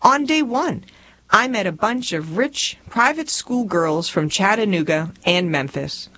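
A woman's voice: unhurried, slight background noise. Southern woman, 40s, memoir audiobook narrator, humorous down-home storyteller. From rural Tennessee. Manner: folksy, humorous storytelling with lively pitch.

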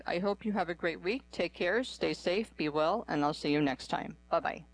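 A woman reading a magazine article aloud in an even, clear voice for a radio program. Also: on the low side, normal speed, rough recording. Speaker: radio reader.

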